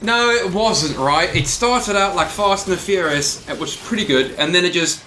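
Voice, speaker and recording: A man's voice: high-pitched, lively intonation, normal speed, sharp tone, a little hiss or hum. A man hosting a casual podcast, bantering and teasing with mock outrage. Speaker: podcast host.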